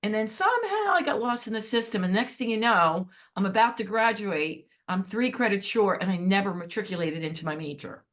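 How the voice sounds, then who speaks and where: A woman in her fifties, a podcast guest, telling stories in a lively chatty way and acting out what people said. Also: mid-range voice, a little fast, few pauses. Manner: animated and chatty, acts out quotes. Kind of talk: casual storytelling.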